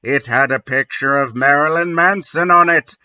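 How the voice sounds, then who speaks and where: A man reading aloud as a melodramatic goth teenage girl, slow and mock-dramatic. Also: on the high side, pushed and bright, clear, resonant tone, lo-fi sound. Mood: mock-tragic.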